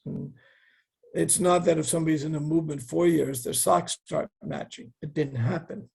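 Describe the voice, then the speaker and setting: Earnest and reflective, an older interview guest tells stories with wry asides, raising his voice when he quotes other people. He speaks at a moderate pace with fairly even intonation, and his voice sits on the high side, gravelly, slightly rough and dark in tone.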